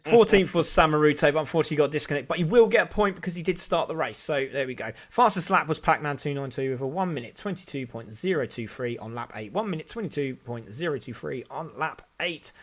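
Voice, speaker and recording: A man doing live sim racing commentary, excitable and climbing with the action, his voice tiring and hoarse. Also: on the high side, fast talker, few pauses. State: voice going hoarse.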